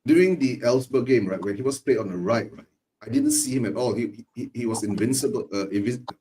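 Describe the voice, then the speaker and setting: A man's voice: mid-range voice, fairly quick, mellow, a little hiss or hum. A man in casual football chat who tags his sentences with "right?" and laughs often.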